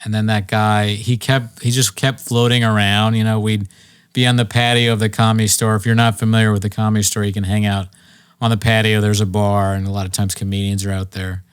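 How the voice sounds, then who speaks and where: A man's voice: lowish voice, little pitch movement, brisk, smooth, no room sound, clean studio sound. A man hosting a comedy podcast, telling a story in a laid-back way, swearing casually and laughing along.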